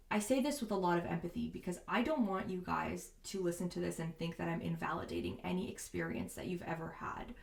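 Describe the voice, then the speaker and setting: Female host, lower-pitched, casual and candid self-help delivery, echoey room. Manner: casual and candid, frequent "like" and "you know". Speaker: podcast host. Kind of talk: reflective self-help talk.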